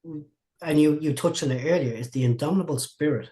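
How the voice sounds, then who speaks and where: A martial arts instructor tells long, rambling stories in a casual interview, often repeating and restarting his words. His voice sits a little high and warm, and he talks a little fast.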